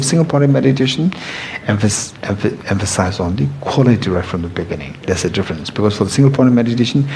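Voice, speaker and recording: Earnest low-voiced male meditation teacher. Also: darkish tone, a little hiss or hum, poor audio. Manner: earnest, repeats key points, non-native phrasing. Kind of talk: dharma teaching.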